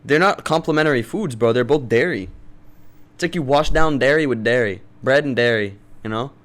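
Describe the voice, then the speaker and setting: A man's voice: medium pitch, brisk, a bit bright. A young man co-hosting a podcast, chatting in a laid-back, slangy, rambling way. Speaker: podcast co-host. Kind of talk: casual chat.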